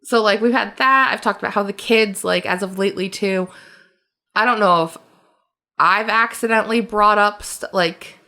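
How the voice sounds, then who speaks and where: A woman co-hosting a podcast, telling stories in a casual, animated way with frequent laughter and lots of fillers. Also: mid-range voice, normal speed. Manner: animated storyteller, laughs often, many fillers. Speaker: podcast co-host. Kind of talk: casual chat.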